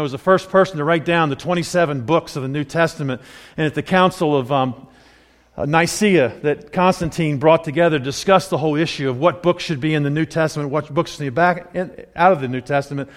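Excitable man preaching in a reverberant hall. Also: a little high, fairly quick. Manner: conversational, excitable, rising with emphasis. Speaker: pastor. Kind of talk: sermon.

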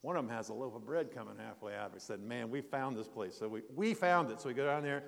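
A man's voice: medium pitch, lively intonation, quick pace, creaky, a bit bright, long reverb tail. An older man preaching a sermon in a folksy, rambling storytelling way, with restarts and asides. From United States.

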